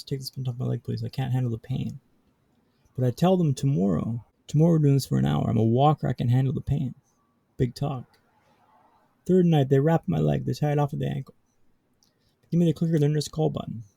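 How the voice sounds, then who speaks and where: Appearing as a podcast guest, a man tells a story in a deep, dark, gravelly voice with a husky edge. Rhythmic repetition and dry humor carry the tale, and the recording is close and dry.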